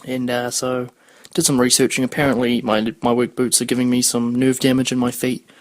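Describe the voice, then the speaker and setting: Young guy rambling on his podcast, swears a lot, mid-pitched voice, dry close mic. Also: flat delivery, a little fast, dry recording. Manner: rambling, swears freely, loses his thread. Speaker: podcast host. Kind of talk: casual rambling chat.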